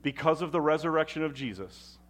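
A man preaching a sermon as pastor at a church service, expressive and emphatic. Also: a little high, brisk.

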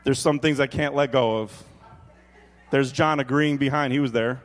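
Animated pastor preaching in a reverberant hall. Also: male voice, medium pitch, normal speed. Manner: animated, joking, swings between quiet emphasis and loud exclaims. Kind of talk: sermon. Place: church hall.

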